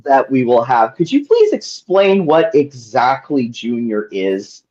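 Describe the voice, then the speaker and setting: A man's voice: medium pitch, big pitch swings, unhurried, darkish tone, highs cut off. A man narrating as game master in a tabletop game, rambling with lots of ums and likes.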